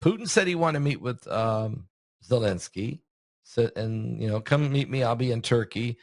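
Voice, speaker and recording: Regular-pitched guy hosting, dry close sound, chatty, tosses questions at his guest. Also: animated, normal speed, no echo. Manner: chatty, asks leading questions, many fillers. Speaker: host and preacher. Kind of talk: casual conversation.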